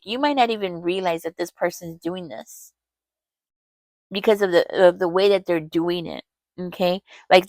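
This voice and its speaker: A woman's voice: on the low side, dry recording. A woman giving a casual tarot reading, talking straight to the viewer in a rambling way, with many fillers and restarts. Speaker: tarot reader.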